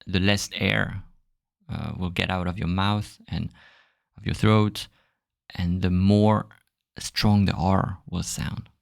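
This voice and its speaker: A French-accented man teaching a podcast lesson, slow and unhurried, hunting for his words between fillers. His voice sits very low with a gravelly, fry-heavy edge. The sound is dry and close, with no room around it. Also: no room sound. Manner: relaxed, searching for words, many fillers.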